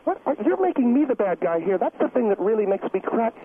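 Guy putting on a high-voiced touchy lady dance teacher, whiny and defensive, tinny phone line. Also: sing-song, fast talker, breathy edge, heavily acted. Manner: indignant, self-pitying, rambling. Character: defensive middle-aged woman dance teacher. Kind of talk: comedic phone-in role-play.

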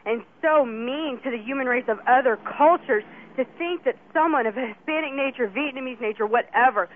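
A woman's voice: high voice, a little fast, a little hiss or hum. A woman calling in to a radio talk show, scolding and indignant. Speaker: caller. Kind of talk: call-in radio. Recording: tinny phone line.

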